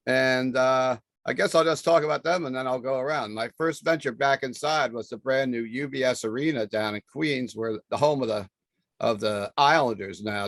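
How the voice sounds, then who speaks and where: A man's voice: mid-range voice, a bit bright, no echo. A man hosting a casual panel chat, rambling and chatty with fillers and restarts. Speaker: podcast host.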